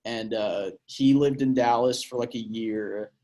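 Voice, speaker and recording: A man's voice: medium pitch, fairly even intonation, a little slow, mellow. A young man from Portland, Oregon, co-hosting a podcast and telling a crude story in a rambling way, with lots of fillers. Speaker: podcast co-host. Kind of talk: casual storytelling chat.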